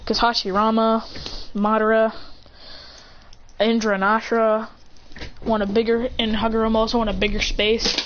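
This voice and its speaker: A storyteller voicing an excitable young male ninja hero in a fan-made anime tale, rattling off a list of names. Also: mid-range voice, moderate pace, long pauses, muffled recording, slight background noise, close to an everyday voice. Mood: excited.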